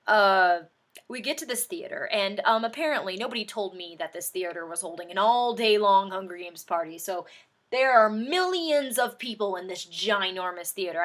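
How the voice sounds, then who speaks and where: A young woman vlogging an excited movie reaction, gushing and animated, with sudden high outbursts.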